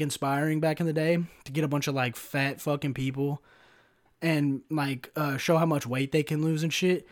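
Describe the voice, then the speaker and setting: A young man rants into his podcast mic, sarcastic and heavy on the swearing. His speaking voice sits a touch higher than most men's, and he fills his sentences with "bro" and "like" while mocking people. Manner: profane, sarcastic, peppered with "bro" and "like". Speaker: podcast host. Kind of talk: solo podcast rant.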